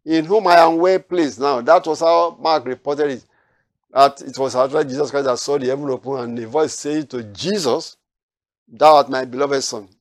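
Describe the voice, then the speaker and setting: A man's voice: medium pitch, dry recording, clean studio sound. A man teaching a Bible study, reading verses aloud and then explaining them, with frequent restarts.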